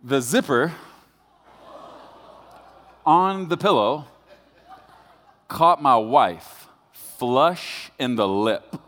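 Preaching as a pastor, a man tells a story laced with jokes that builds toward serious points, animated and playful throughout. His medium-pitched voice draws out words and leaves long pauses. Long hall reverb surrounds the recording.

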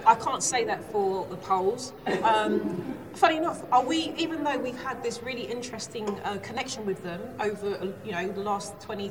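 A woman of Jamaican background speaking up from the audience, making a measured, articulate argument. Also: on the high side, recorded from a distance. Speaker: audience member. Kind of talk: audience comment in debate.

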